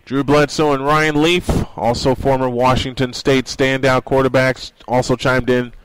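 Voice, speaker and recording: A man's voice: medium pitch, flat delivery, moderate pace, smooth, rough recording. A man hosting a sports radio show, speaking earnestly in a monologue and reading quotes aloud.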